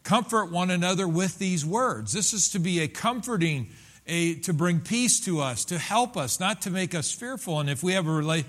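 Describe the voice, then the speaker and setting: A man's voice: high-pitched, expressive, normal speed, a bit bright. A male pastor preaching a sermon in a loose, conversational way, with many restarts and fillers and bursts of emphasis.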